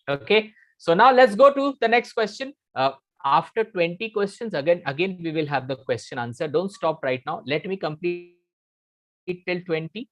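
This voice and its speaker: A man with an Indian English accent teaching a live online English lesson. He is emphatic, repeats key phrases and quizzes his students. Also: fairly high pitch. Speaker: English communication coach.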